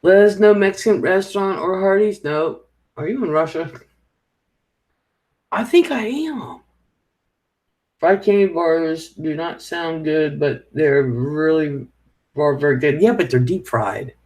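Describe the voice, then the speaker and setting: A man's voice: fairly high pitch, slow, pauses often, a little mellow. A middle-aged man, hosting a casual live stream and chatting with viewers in a rambling way, swearing when annoyed. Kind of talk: casual live chat reading viewer comments.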